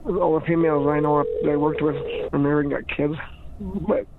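A podcast regular chats in a rambling, giggly way, his voice a little high and a little fast. He often restarts his sentences and laughs, with crowd noise behind him and a tinny, phone-like sound to the recording.

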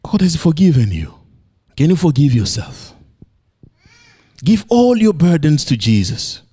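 A man preaches a sermon with playful animation, swinging from high exclamations to low, emphatic lines. His voice is husky and his delivery a little slow.

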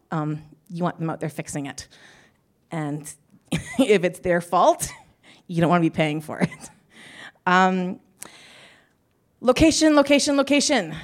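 A woman's voice: fairly low pitch, normal speed. A woman panelist at a live conference, talking in a chatty, self-deprecating way and laughing often. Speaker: panelist, business owner.

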